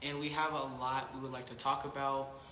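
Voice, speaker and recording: Man vlogger, casual storytelling, acts out quotes, lots of "like", echoey room, mid-pitched voice. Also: little pitch movement, bright, forceful tone, a little hiss or hum. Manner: rapid retelling full of quoted dialogue and filler "like".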